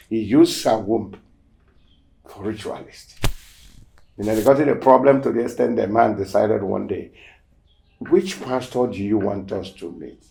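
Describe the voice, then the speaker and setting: A man hosting a show, casually telling a testimony story and acting out the quoted dialogue, swinging between loud emphasis and near-whispered asides. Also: medium pitch, creaky. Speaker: show host.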